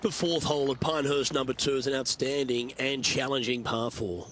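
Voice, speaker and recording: A man delivering measured, polished play-by-play golf commentary in a studio. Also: medium pitch, steady tone, fairly bright tone, a little hiss or hum.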